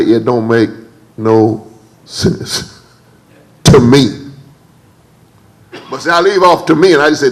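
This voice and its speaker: A man preaching a church sermon. He calls on the congregation to answer back, repeats and stammers over words, and leaps higher when he acts out quotes. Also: creaky, rough recording. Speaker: pastor. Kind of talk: preached sermon with call-and-response. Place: church service.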